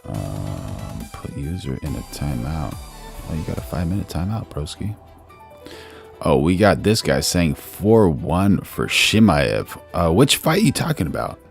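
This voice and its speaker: A man with a very low, gravelly voice hosts a casual live stream. He chats loosely with viewers, reads their comments aloud and tosses "bro" into nearly every sentence. Faint music plays underneath. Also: very animated, unhurried. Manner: laid-back, calls everyone "bro", reads chat aloud.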